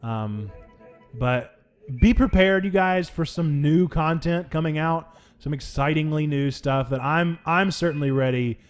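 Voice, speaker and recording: A young adult man hosting a let's play, talking over the game in playful mock outrage with big swings in pitch. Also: a little slow, soft background music. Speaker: gaming channel host.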